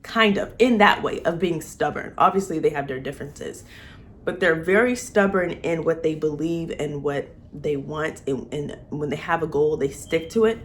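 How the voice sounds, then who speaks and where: A woman's voice: low-pitched, moderate pace. A young woman gushing and laughing as she talks about her favorite TV couples in a casual vlog. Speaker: vlogger. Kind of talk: excited fan commentary.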